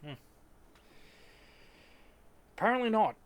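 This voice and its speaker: A woman's voice: on the high side, expressive, slow pace, faint music behind. A woman reacting to a video, thinking aloud in casual chat.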